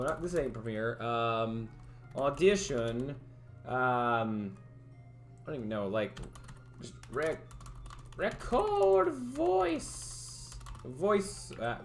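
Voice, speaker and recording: A man's voice: mid-range voice, creaky. A young man chatting casually on a livestream, rambling and hesitant with many restarts and fillers, wearing headphones at a desk mic. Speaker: streamer.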